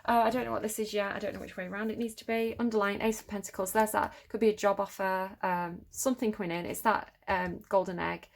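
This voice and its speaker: A woman's voice: medium pitch, fairly even intonation, fast, vocal fry, few pauses. Encouraging woman reading tarot cards. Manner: warm and encouraging, thinking aloud with fillers. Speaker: tarot reader.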